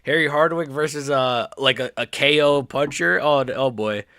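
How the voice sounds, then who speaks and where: A man giving casual live-stream commentary as an MMA YouTuber, rambling and excitable, often restarting his sentences. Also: medium pitch, moderate pace, no echo, studio quality.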